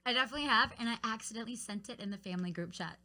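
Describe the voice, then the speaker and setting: A woman's voice: fairly high pitch, racing, sharp tone. A young woman co-hosting a podcast, telling stories bluntly between laughs. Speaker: podcast co-host. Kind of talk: casual chat.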